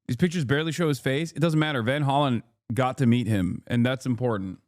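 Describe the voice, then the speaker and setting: A man's voice: mid-range voice, fairly quick, no echo, clean studio sound. A man in his thirties commenting on a livestream, profane and heated, mocking with sarcastic mimicry and bursts of laughter. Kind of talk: reacting to clips and articles on stream.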